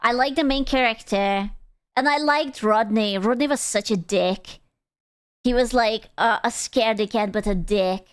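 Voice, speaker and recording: A young woman streamer chats casually with her viewers in a high, clear, smooth voice. Her talk is playful, giggly and crude, and she takes her time getting the words out. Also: measured pace. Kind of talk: casual livestream chat.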